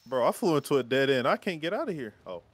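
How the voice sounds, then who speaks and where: A young man chatting casually while gaming, excitable, slangy and swearing a lot. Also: mid-range voice, fast. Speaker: gamer streamer. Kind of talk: casual gameplay banter.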